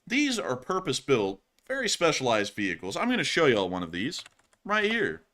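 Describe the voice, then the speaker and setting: Guy doing casual war news commentary, bright forceful voice, jokey asides. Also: mid-range voice. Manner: chatty, joking asides.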